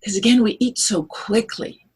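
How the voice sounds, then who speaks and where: A woman, a holistic nutritionist, explaining things in an animated way on a radio interview. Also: a little high, moderate pace, husky, poor audio. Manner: animated, explanatory, acts out quotes.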